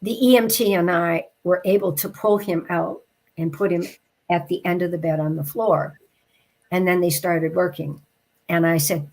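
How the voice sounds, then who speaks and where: A woman, an interview guest, telling a personal story in a heartfelt, reflective way and slowing down at the emotional moments. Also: on the low side, steady tone, darkish tone.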